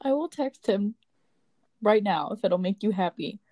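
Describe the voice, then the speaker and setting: A woman's voice: mid-range voice, lively intonation, a little slow, warm tone, no echo. A young woman co-hosting a podcast in casual chat, giggly and playfully stubborn. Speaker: podcast co-host.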